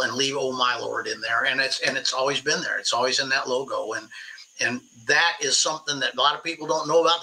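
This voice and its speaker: A man's voice: medium pitch, low-quality recording. A man in his sixties, a guest on a podcast, telling stories in a spirited, emphatic way. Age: 60s. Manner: animated storyteller, spirited and emphatic. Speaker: podcast guest, veteran angler. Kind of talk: casual storytelling interview.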